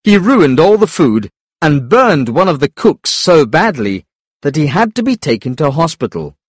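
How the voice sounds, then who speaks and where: A man reading a story aloud in clear, deliberate audiobook narration. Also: on the high side, sing-song, no room sound, clean studio sound.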